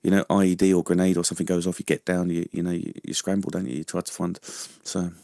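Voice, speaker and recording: Bloke on a radio chat, really low voice, dry studio sound, keeps going "you know what i mean". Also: male voice, little pitch movement, fast, gravelly, mellow, dry recording. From London. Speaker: guest, army veteran. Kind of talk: casual interview chat.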